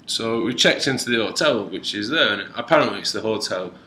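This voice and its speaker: A man co-hosting a podcast, telling an animated story in casual chat and slipping into other people's voices. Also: on the low side, fairly quick. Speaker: podcast co-host. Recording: echoey room with faint noise.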